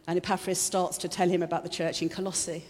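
In a church hall with long reverb, a woman preacher delivers a conversational, chatty sermon, laughing often and showing emotion openly. Her lowish, darkish voice is quick but flat in delivery.

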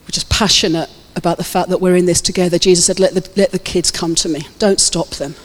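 A woman's voice: lowish voice, fairly even intonation, quick pace. Woman pastor, fervent exhorting sermon, reverberant church hall. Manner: fervent, exhorting, calls out to the congregation.

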